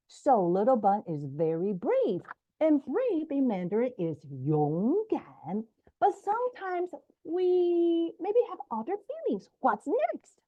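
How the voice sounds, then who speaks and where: Lively woman reading a picture book. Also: high voice, dull audio. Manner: animated storybook reading with Mandarin words. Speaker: children's book author.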